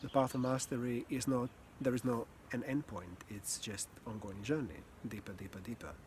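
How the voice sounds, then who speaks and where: Calm, earnest male voice coach. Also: mid-range voice, slight background noise. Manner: calm, earnest, slow with pauses, occasional sighs and soft laughs. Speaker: communication and voice coach. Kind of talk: reflective teaching talk.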